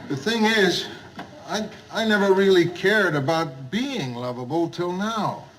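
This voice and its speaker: An actor playing a gruff middle-aged bar owner who forces himself to be hearty and jovial, repeating his greetings in a 1970s studio sitcom. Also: sits high, expressive, a little slow, fairly bright tone, low-quality recording. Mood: earnest. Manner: overly hearty, repetitive greetings. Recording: hissy old TV soundtrack.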